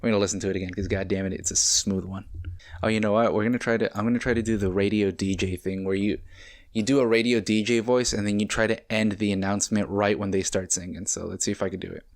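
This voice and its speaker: A young man casually reacting to an album at home, rambling and excitable, swearing as he goes. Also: fairly low pitch, fast talker. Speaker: music reaction host. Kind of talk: casual music reaction commentary. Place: home, late at night. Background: faint music playing.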